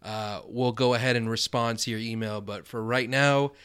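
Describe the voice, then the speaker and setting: Upbeat laughing podcast host. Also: male voice, medium pitch, steady tone, moderate pace, a bit bright, smooth. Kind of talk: casual podcast chat.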